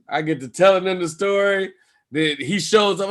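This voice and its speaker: Lively, bright-voiced male comedian storyteller. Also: fast talker. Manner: profane, acts out people's lines with big jumps in pitch and loudness. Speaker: stand-up comedian guest. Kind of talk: animated storytelling on a podcast.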